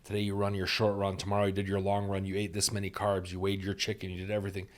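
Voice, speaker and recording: A man's voice: low-pitched, completely flat delivery, fast talker. A man, a doctor and podcast guest, earnestly sharing stories and life advice, repeating key phrases for emphasis. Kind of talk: reflective conversational storytelling.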